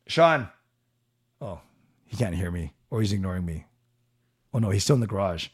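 A middle-aged man hosting a live stream, reading viewer comments aloud and answering them in a relaxed, chatty way. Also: low voice, a little fast, breathy edge. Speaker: livestream host reading chat. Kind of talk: casual chat.

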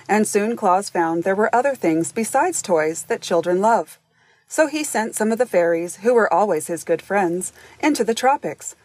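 A woman reads a classic children's storybook aloud as its narrator. She tells the tale gently and often speaks straight to the listener. Her pitch is an ordinary middle, and the recording is close and very dry. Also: no echo. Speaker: audiobook narrator.

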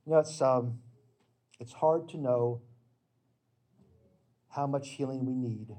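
A middle-aged man preaching a sermon with slides, in an earnest, emphatic storytelling manner that breaks into sudden loud bursts. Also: medium pitch.

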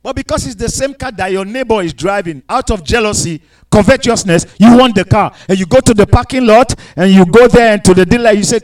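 A man delivers a fervent sermon in a notably high voice. He drops to low, close talk, then lifts scripture into loud, drawn-out proclamations, and he acts out the voices of the people he describes. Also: low-quality recording. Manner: fervent, rising to shouted scripture; mock voices of people and God. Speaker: preacher.

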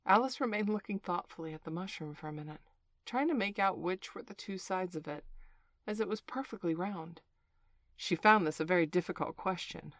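A woman narrating a storybook aloud in a clear, measured, expressive way. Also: on the low side, dry recording.

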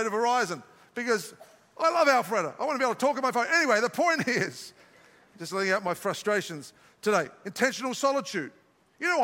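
Older Australian pastor, high bright voice. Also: male voice, big-room sound. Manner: joking, self-mocking asides. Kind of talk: sermon. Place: large church auditorium.

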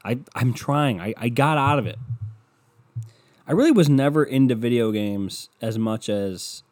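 A man's voice: medium pitch, lively intonation, measured pace, darkish tone. Profane, sarcastic young man ranting. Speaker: podcast host. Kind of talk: casual ranting podcast monologue. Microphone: podcast microphone.

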